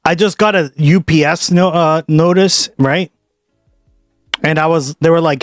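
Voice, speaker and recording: Male live-streamer, casual reaction chat, voice a touch high, dry close mic. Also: moderate pace, dry recording, soft background music. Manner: loose, chatty, peppered with "right?" and "like". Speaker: streamer reacting to news clips.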